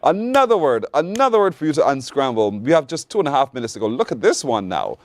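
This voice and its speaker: A Barbadian man with a medium-pitched voice hosts a morning show, reading the news and running a playful call-in word game. His delivery is lively and teasing, with drawn-out words, in clean studio-quality audio without echo.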